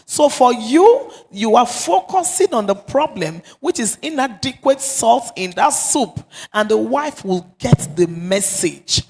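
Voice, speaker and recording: A Nigerian woman pastor preaches with emphasis, repeating her points. Her voice sits fairly high but carries a gravelly, husky edge. It rings out with the long reverb of a church hall. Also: sing-song, slow pace, darkish tone. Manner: emphatic, repeats phrases for stress. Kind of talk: sermon on marriage.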